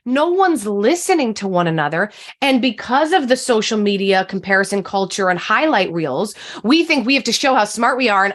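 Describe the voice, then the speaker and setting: A woman with a fairly high voice speaks with passion and emphasis. She sounds like a communication coach making her case in an interview conversation. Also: expressive, moderate pace.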